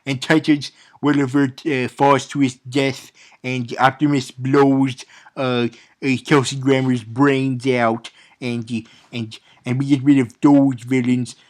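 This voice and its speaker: A man's voice: medium pitch, little pitch movement, slow pace. A man giving a casual, sarcastic recap of a movie, rambling with many stumbles and restarts. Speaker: movie reviewer.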